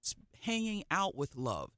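Fervent preaching man, fairly high voice. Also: huge pitch swings, measured pace, bright, forceful tone, dry recording, clean studio sound. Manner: fervent, emphatic, repeating phrases for effect. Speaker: minister co-hosting a faith broadcast. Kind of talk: informal preaching on a broadcast.

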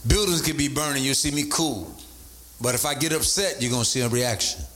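A man preaching a sermon as a bishop, animated, repeating his points and calling out to the congregation. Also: brisk. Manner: animated preaching, voice leaping up in pitch for emphasis; repeats phrases and calls out to the congregation. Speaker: bishop and pastor.

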